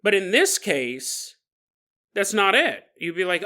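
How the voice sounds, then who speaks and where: A man's voice: sits high, big pitch swings, takes it slowly, bright, forceful tone. A man hosting a podcast, telling a paranormal story casually with joking asides. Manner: joking asides, chuckling between lines. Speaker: podcast host.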